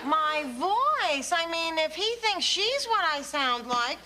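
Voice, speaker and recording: An actress playing a brash, man-hungry single woman with a Queens accent, talking loud and excitable in a sitcom. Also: extremely high pitch, slow pace, heavy background noise, exaggerated voice. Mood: brash excited. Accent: Queens New York. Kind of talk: sitcom acting. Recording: sitcom with loud studio audience.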